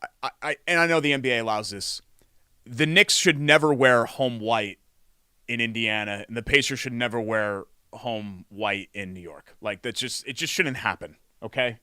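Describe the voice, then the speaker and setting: Bright-voiced male sports show co-host. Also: mid-range voice, normal speed, smooth, dry recording, studio quality. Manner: animated, with frequent fillers and restarts. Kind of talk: casual sports chat.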